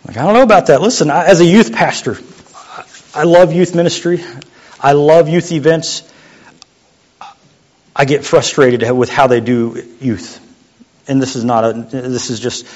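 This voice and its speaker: A young adult man preaching a sermon as a youth pastor, in a conversational, joking way that sometimes drops to a quiet voice. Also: medium pitch. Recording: muffled lo-fi sound.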